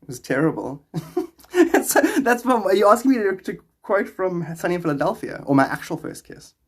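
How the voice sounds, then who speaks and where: Male livestreamer with a fairly high voice on a phone mic, loose and rambling, laughs a lot. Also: big pitch swings, normal speed, slightly rough. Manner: laughs often, rambling and playful. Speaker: livestreamer answering viewer questions. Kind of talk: casual livestream chat.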